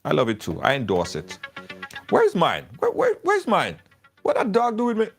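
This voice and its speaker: A middle-aged man with a lilt talks up products on a live show. He tells his stories with excitable repetition, and his voice swings widely in pitch. Faint music plays in the background. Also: moderate pace. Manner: storytelling, excitable, repeats himself. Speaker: live show host doing product ads. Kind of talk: animated live-stream ad chat.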